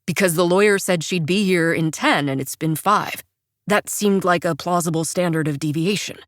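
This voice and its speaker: A woman voicing a dazed, oblivious young man with a flat, tired delivery in an audiobook. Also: lowish voice, no room sound, studio quality, natural voice. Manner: slow, blank, tired delivery. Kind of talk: audiobook character voice.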